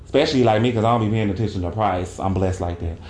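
A man hosting a podcast in casual chat, animated and slangy, swearing freely and laughing often. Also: lowish voice, fast talker. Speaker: podcast host. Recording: echoey room.

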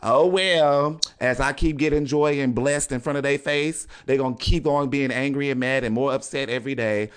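A man hosting a casual spiritual podcast monologue in an animated way, laughing often, swearing freely and checking in with "okay?" after nearly every point. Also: medium pitch, moderate pace, hardly any pauses, smooth. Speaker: podcast host.

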